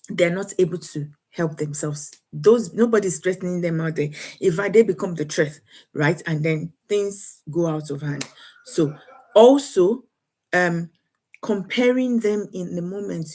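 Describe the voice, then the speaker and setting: A woman from Africa giving parenting advice to camera. She talks in a lively way, repeats words, and acts out what parents and children say. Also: on the low side. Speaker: parenting coach.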